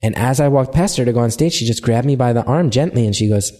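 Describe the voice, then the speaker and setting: An American man, a comedian guest, chatting casually in an interview and telling animated, self-deprecating stories. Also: medium pitch, fast talker, a little hiss or hum. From United States.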